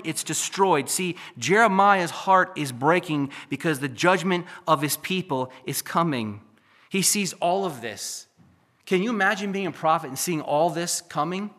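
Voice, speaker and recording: A male pastor preaching a sermon, building to emphatic peaks and then dropping to quiet, confiding asides. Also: on the high side, lively intonation, unhurried. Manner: preachy, rises to near-shouting then drops to a hush.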